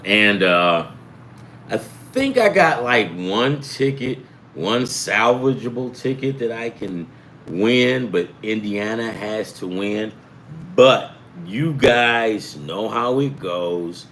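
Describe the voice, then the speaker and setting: Animated, profane middle-aged man rambling. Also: lowish voice, takes it slowly, a little hiss or hum. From US East Coast. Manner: profane, animated, acts out quoted voices. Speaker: sports betting show host. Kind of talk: rambling casual storytelling. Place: home in California.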